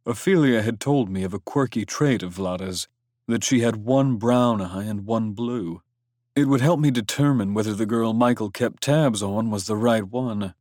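A man's voice: on the low side, moderate pace, darkish tone, no echo, clean studio sound. A man reading a first-person story aloud in a brooding, intense manner, with coarse swearing. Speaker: audiobook narrator. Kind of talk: scripted first-person narration.

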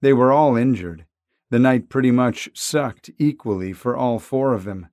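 A man reading a novel aloud in a wry, conversational way. His voice sits at a middle pitch, and the recording is close and dry with no room sound. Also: normal speed, darkish tone, dry recording. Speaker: audiobook narrator. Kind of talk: scripted narration.

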